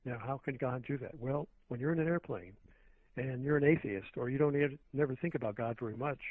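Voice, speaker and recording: A man's voice: mid-range voice, a little fast, no room sound. A man, a radio show guest, talking earnestly and at length, with many restarts, over a phone line. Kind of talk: phone-in talk radio conversation. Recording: tinny phone line, dry.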